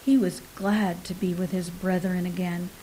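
A woman narrates short fiction with a mellow, warm tone and a steady, unhurried delivery. Her voice sometimes sinks into a soft whisper. A faint hiss sits under the recording. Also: on the low side, low-quality recording. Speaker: story reader. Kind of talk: scripted narration of short stories.

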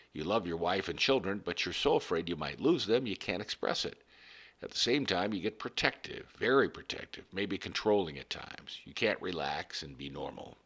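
Deep-voiced man reading a story aloud. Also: fairly bright tone. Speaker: reader of a story. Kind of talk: scripted narration of a first-person story.

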